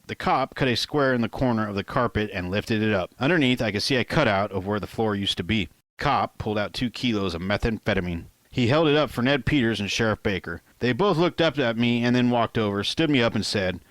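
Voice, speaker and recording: Low-voiced man reading his own novel. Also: a bit bright, dry recording. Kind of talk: first-person audiobook narration.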